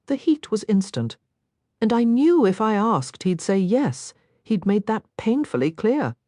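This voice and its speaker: A woman narrating a first-person romance audiobook in an expressive, intimate storytelling manner. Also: mid-range voice, a little slow, no room sound, studio quality.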